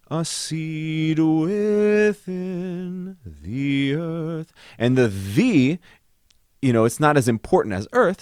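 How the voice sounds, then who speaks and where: A man teaching composition, his pitch rising and falling freely as he explains his ideas. He says lines of text aloud to find their rhythm and counts beats over chords. The sound is close and dry, with soft piano behind. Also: no echo. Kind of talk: music composition lesson. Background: faint piano.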